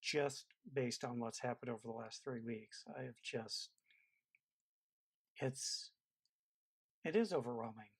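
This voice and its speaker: Male host from Reno, mid-pitched, very slow, reflective and halting. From Reno, Nevada, US. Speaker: interview host. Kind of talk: conversational interview.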